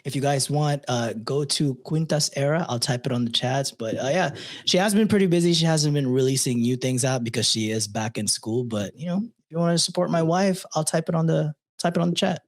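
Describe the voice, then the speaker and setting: A man's voice: fairly high pitch, animated, fairly quick. A man co-hosting a live podcast, chatting casually with lots of swearing and reading an online story aloud. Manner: loose, swearing, reads in a chatty tone. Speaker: podcast co-host reading stories.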